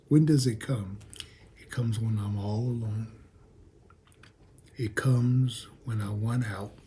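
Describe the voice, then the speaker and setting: A man preaching a sermon at a midweek Bible study, swinging between raised, rhythmic preaching and a hushed near-whisper. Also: medium pitch, fairly even intonation, takes it slowly, pauses often, a little hiss or hum. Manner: repetitive, rhythmic phrasing. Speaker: pastor.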